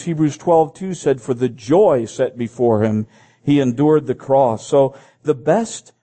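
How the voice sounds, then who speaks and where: Preacher man with a mellow voice. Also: mid-range voice. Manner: reads scripture aloud, pausing to comment and repeat phrases. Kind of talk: sermon.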